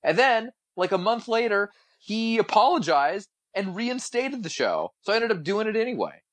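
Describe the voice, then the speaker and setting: A man's voice: sits high, sing-song, moderate pace. A young man co-hosting a casual podcast, blunt and opinionated, swearing freely. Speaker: podcast co-host.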